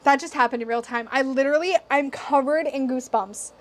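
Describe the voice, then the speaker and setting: Excitable, tipsy high-voiced woman. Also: fairly quick. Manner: excitable, giggly, swears casually. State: slightly tipsy. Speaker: tarot YouTuber. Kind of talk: casual tipsy video review.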